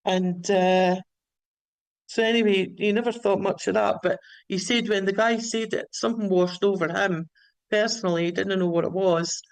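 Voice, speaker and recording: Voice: mid-range voice, fairly even intonation, normal speed, gravelly, dry recording, poor audio. Rambling caller telling a strange tale. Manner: many restarts and repeated words. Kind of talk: rambling storytelling.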